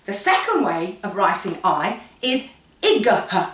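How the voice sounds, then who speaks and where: A woman's voice: medium pitch, slow, far from the mic. A woman giving a playful phonics lesson to children, telling the letters' sounds as little stories. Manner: playful storytelling, animated. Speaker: phonics teacher. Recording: echoey room, voice a bit off-mic.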